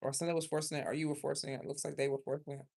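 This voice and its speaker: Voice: medium pitch, flat delivery, racing, creaky, a little mellow. A tarot reader from South Carolina, giving a rambling, emotional, chatty card reading in a casual livestream.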